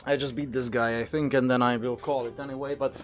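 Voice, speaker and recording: A man's voice: medium pitch, flat delivery, quick pace, faint music behind. A young man streaming a video game, talking through his play, swearing and grumbling at the enemy and his computer. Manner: cursing, exasperated at the game. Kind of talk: live gameplay commentary.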